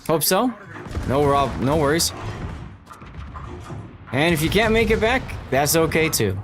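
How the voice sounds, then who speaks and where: Rambling male caster, lively pitch. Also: a little slow, music in the background. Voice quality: scratchy. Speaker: tournament caster. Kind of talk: casual livestream chat.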